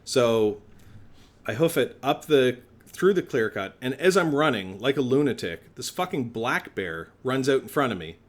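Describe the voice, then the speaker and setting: A man's voice: mid-range voice, expressive, normal speed. A man on a podcast telling a long story in a casual way, swearing often and acting out the people in it. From Canada. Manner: swears a lot, acts out both sides of a phone call. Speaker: podcast co-host.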